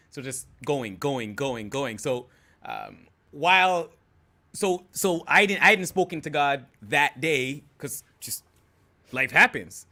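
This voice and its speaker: A young man telling a personal story as a podcast guest in a relaxed, easygoing way, full of fillers. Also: on the high side. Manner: relaxed, many fillers like "you know" and "um". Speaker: guest, host's husband. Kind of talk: casual storytelling.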